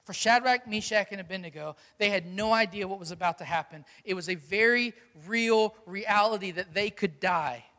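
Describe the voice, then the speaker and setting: A man's voice: sits high, normal speed, hardly any pauses, sharp tone, in a large hall. A male pastor preaching a sermon, emphatic, with repeated rhetorical questions.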